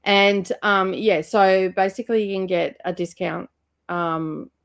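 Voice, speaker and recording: A woman's voice: mid-range voice, fairly even intonation, measured pace, creaky, clear, resonant tone. A young woman hosting a casual book club livestream, chatty and rambling as she reads out viewer comments with lots of ums and laughs.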